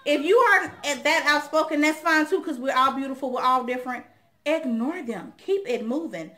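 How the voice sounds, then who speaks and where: A woman's voice: high voice, normal speed, pushed and bright. A young woman hosting her own channel, talking straight to the viewers in a casual, outspoken chat and telling stories with a lot of animation. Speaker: vlog host.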